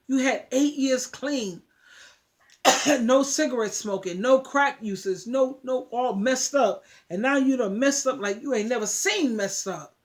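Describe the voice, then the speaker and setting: A woman's voice: sits high, a little slow. A woman giving emphatic, preachy relationship advice straight to her viewers, often repeating words. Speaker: advice vlogger. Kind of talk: casual talk to camera.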